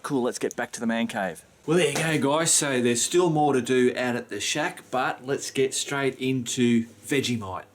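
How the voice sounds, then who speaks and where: A man's voice: lowish voice, slight background noise. Rambling Australian man vlogging. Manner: rambling, frequent mild swearing. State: just woken up. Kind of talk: casual chat to camera.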